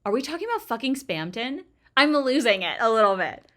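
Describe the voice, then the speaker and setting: A young woman streaming a video game, reacting with excited, swearing, laughing commentary. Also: fairly high pitch, brisk. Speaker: gaming streamer. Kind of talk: excited casual let's-play commentary. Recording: game music under voice. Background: game music.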